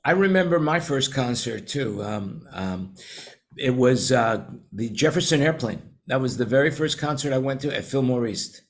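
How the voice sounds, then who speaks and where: A man's voice: mid-range voice, animated, moderate pace. A man in his sixties with a New York accent, hosting a casual roundtable chat and telling long, rambling stories with many restarts. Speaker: show host.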